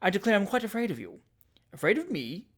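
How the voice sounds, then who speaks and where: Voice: medium pitch, very animated, fast, voice pushed up. A reader voicing a coy middle-aged spinster aunt who gossips in arch, flirtatious whispers, in an audiobook of a classic novel.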